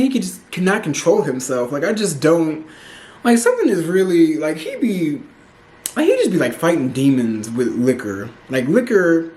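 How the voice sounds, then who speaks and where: A man with a fairly high voice recapping a reality show in a loose, chatty way, full of "like" fillers and blunt opinions. The sound carries a noticeable echo from the room around him. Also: a little mellow.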